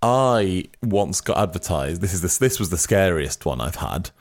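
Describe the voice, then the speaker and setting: A man's voice: deep voice, big pitch swings, moderate pace. A man co-hosting a podcast, rambling with hesitant fillers and dry humour. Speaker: podcast co-host. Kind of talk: casual chat.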